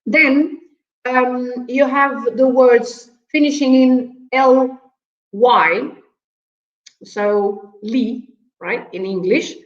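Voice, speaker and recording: Slow-speaking Portuguese woman teaching words. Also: high-pitched. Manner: patient, chuckles often, asks "right?". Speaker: language teacher guest. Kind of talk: explaining vocabulary on a talk show. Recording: roomy, slightly dull audio.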